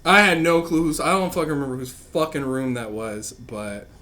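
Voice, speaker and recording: A man in a casual podcast chat, telling profane, animated stories and acting out loud quotes. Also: medium pitch, normal speed.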